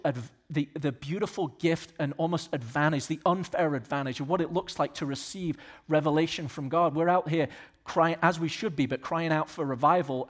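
A pastor from the Southern United States preaches a sermon at his church. His fairly high voice swings between loud exhortation and quiet, earnest asides.

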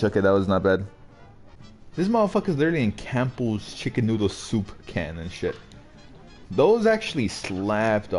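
A young man giving live, profane commentary while battling a game boss, jumping between mutters and yelps. His pitch swings widely as he reacts, with faint game music playing beneath. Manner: profane, excitable, jokey. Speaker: gaming streamer.

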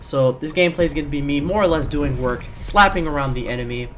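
A man hosting his gaming channel, commenting live on his shooter match in an excitable, slangy way. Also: on the high side, fast. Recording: game gunfire behind voice. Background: gunfire and game sounds.

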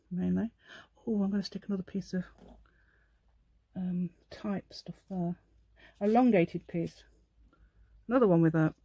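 A woman's voice: on the low side, dark tone, breathy edge, dry recording. A woman hosting a casual crafting tutorial at her craft table at home, thinking aloud and asking the viewer questions as she works. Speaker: craft channel host.

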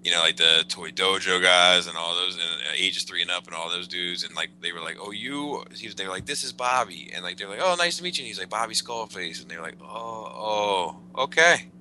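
A man's voice: deep voice, a little fast, few pauses, sharp tone, a little hiss or hum, poor audio. A man co-hosting a casual podcast, telling stories in a rambling way with many fillers and repeated words. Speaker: podcast co-host. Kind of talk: casual chat.

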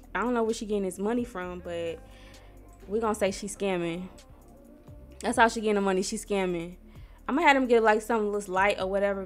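A young woman from Missouri, chatting casually to viewers while she plays a life-sim game, squealing when something excites her. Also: mid-range voice. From Missouri, USA. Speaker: gaming streamer. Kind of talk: casual gameplay commentary. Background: soft R&B background music.

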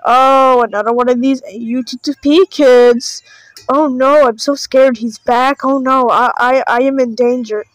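A woman with a high, bright-sounding voice reacts to videos in a loose, chatty way, swinging between sarcasm and exaggerated fake panic. Her voice is recorded close and dry, with no room sound. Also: steady tone, measured pace, no echo, rough recording. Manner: mock-panicked, sarcastic, repeats "oh no, guys". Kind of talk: casual reaction commentary.

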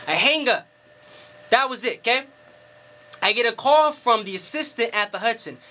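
A man with a high voice tells a personal story straight to camera. He is loose, slangy and animated, and he swears freely as he goes. His voice has a bright, forceful edge. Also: moderate pace, long pauses, slight background noise. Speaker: DJ and club promoter. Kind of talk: casual storytelling monologue to camera.

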